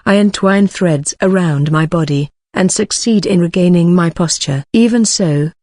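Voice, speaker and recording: A text-to-speech voice narrating an audiobook in an even, mechanical way. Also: mid-range voice, normal speed, no room sound.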